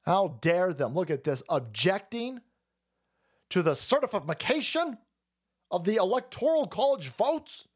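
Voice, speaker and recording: A man's voice: high-pitched, sing-song, measured pace, breathy edge. A man hosting a ranting political commentary stream, profane and mocking, sometimes putting on whiny voices to mock opponents. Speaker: streamer host.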